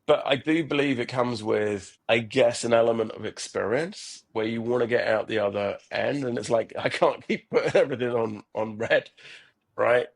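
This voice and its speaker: Here a middle-aged startup founder's medium-pitched, steady voice carries some vocal fry at a normal speed. As a podcast guest in a reflective interview, he speaks earnestly, repeating words and restarting sentences often.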